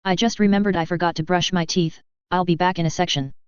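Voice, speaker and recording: A woman's voice: on the low side, steady tone, fast talker, smooth, dry recording, lo-fi sound, close to an everyday voice. Woman reading a flustered, swearing young woman. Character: panicked young woman stuck in a child's body.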